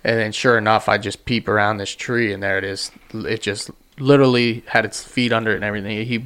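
A man co-hosting a podcast, recounting a hunt in relaxed, plain casual chat. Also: lowish voice, brisk, clear, resonant tone. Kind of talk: casual hunting story chat. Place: studio.

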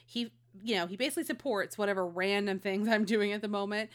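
A woman's voice: mid-range voice, fairly even intonation, quick pace. A woman in her forties co-hosting a podcast, talking in a casual, rambling way with lots of fillers. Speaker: podcast co-host. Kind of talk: casual chat.

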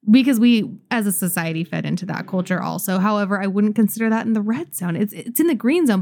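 A woman's voice: mid-range voice, darkish tone, dry recording, studio quality. A woman in her thirties co-hosting a casual podcast, talking frankly and animatedly with some swearing. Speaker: podcast co-host. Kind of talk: casual chat.

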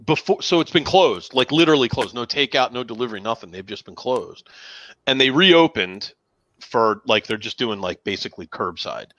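A man's voice: medium pitch, expressive, normal speed, a bit bright, dry recording, dull audio. A man co-hosting a casual chat show, telling long rambling anecdotes full of "like" and acting out the people in them. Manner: rambling storyteller, heavy on "like"; acts out other people's voices in anecdotes. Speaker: podcast co-host.

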